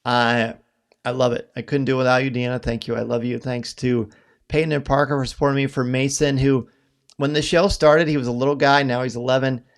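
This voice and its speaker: A middle-aged man hosting a live podcast stream, talking earnestly and haltingly, choked up at times. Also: mid-range voice, little pitch movement. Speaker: podcast host. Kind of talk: emotional live-stream farewell talk.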